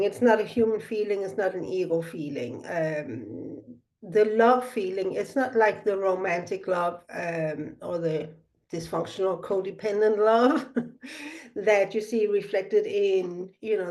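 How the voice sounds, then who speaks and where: A middle-aged woman speaking softly and reflectively, telling a personal spiritual story with many pauses and fillers. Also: medium pitch. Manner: soft-spoken, meandering, with frequent fillers.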